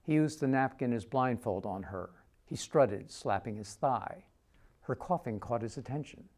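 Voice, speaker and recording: A man reading a literary short story aloud in a measured narrating voice. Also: mid-range voice, animated, darkish tone. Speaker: reader.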